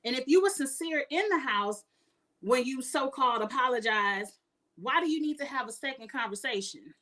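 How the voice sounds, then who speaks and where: A woman's voice: high voice, lively intonation, normal speed, pushed and bright. A woman giving outspoken, emphatic casual commentary as a reality TV reviewer.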